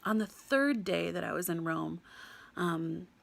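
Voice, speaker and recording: Young American woman, storyteller; slight vocal fry, lively delivery with frequent laughter. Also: on the low side, unhurried. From United States. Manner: animated, laughs often, mimics other people. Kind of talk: personal storytelling.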